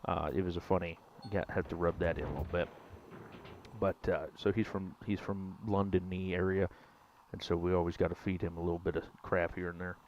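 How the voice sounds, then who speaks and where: A young man in his twenties with a drawl, ribbing his chat as he plays. His voice sits fairly low. The stream mic sounds dull and lo-fi. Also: level tone, a little fast, a little mellow, a little hiss or hum. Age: 20s. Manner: joking, teasing chat, drawling. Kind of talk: casual live-stream chat while gaming.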